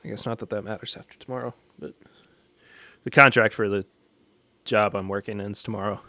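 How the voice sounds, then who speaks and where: Fairly low-pitched and fairly quick, this Southern American podcast host has a bright, forceful tone and fairly even intonation, recorded dry. He seems a little stressed while joking casually and reacting to a live chat, and he comes from the Southern United States.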